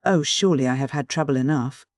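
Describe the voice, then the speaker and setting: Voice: medium pitch, quick pace, dry recording, clean studio sound, lightly acted. A reader doing a whiny fretful old cousin. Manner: moaning, whimpering.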